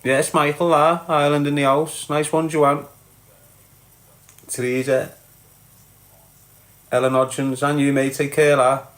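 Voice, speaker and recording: A man's voice: on the high side, little pitch movement, unhurried, pauses often, a bit bright. A Scouse man from Liverpool, middle-aged, reading his chat live and answering viewers bluntly, calling everyone lad and mate.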